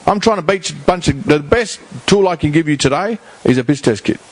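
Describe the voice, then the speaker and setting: A middle-aged man with an Australian accent, founder of a rehab house, addresses a community forum in blunt, emphatic, slangy terms, repeating himself for effect. His slightly high voice is animated and fairly quick.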